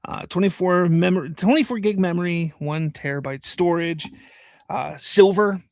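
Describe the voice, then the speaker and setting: A man's voice: high voice, normal speed, no room sound. A man in his thirties co-hosting a podcast, easygoing and agreeable, laughing often in casual chat. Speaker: podcast co-host.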